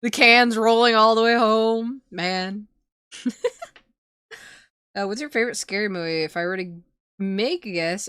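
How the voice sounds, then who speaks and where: Bubbly, crisp young woman streamer. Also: mid-range voice, no echo, clean studio sound. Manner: laughs often, swears casually, excitable. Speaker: VTuber streamer. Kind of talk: casual chat reading viewer messages.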